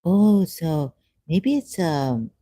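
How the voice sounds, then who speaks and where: A vlogger talks slowly through a rambling monologue, halting on fillers and turning sarcastic and self-mocking. The voice is deep-toned, very dark and mellow. The sound is dry with no room echo. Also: big pitch swings. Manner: self-mocking, laughs often.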